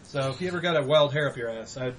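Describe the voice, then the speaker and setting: A man co-hosting a casual gaming podcast, talking animatedly, swearing and mock-yelling at games. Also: mid-range voice, fast, a little hiss or hum. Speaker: podcast co-host.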